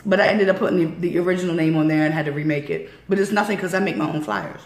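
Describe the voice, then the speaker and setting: A woman hosting a radio interview, her voice hoarse from a coming cold, chatty with lots of ums and laughter. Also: on the low side, expressive, very fast. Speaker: radio show host. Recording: roomy studio echo.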